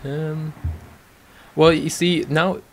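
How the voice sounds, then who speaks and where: A man co-hosting a podcast, relaxed and teasing as he gives his views on a game update. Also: on the high side, very slow, slight background noise. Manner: laid-back and teasing, laughs easily. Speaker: podcast co-host. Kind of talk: casual podcast chat.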